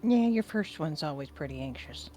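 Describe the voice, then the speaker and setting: A woman's voice: low voice, expressive, normal speed, warm tone. A woman playing a tabletop game who chats casually and makes wry jokes. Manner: wry, joking. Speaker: player.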